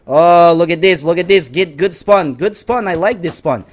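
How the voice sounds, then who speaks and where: A gaming channel host giving live gameplay commentary, swinging between frantic yelling and low muttering, talking to the viewers and to enemy players. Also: fast, hardly any pauses.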